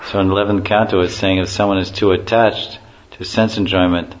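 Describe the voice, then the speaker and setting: Here a spiritual teacher lectures informally, his low-pitched voice flat and slightly rushed. He chuckles while telling stories and performs the quotes he cites. The audio is lo-fi and muffled, with a faint hiss.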